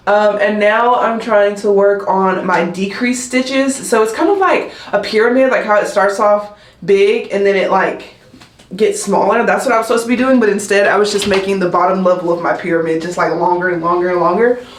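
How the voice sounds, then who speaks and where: A young woman talks casually to her viewers, rambling and filling pauses with "like" and "um." Her voice sits at a mid pitch, and the recording has an echoey room sound. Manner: rambling, heavy use of "like" and "um". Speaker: nursing student vlogger. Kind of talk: casual chatty vlog.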